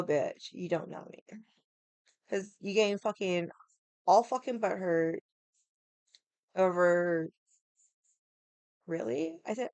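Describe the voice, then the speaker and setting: A woman's voice: mid-range voice, a little mellow, no echo. A young woman hosting a casual livestream, ranting in a sassy, profane, rambling way and greeting viewers. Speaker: livestream host.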